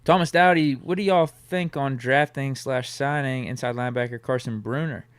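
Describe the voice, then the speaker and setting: A man's voice: mid-range voice, moderate pace, clear, resonant tone, no room sound. A man with a mid-range voice talks easily and with dry humor while hosting a casual sports podcast. The sound is close and dry. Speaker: podcast host.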